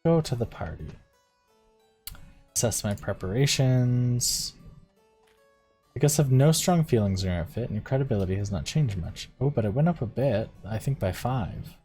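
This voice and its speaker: Faint music plays as a man reads a visual novel aloud on stream, pausing between passages to muse casually over the choices he makes. He has a medium-pitched, expressive voice, warm and slightly rough, at a moderate pace.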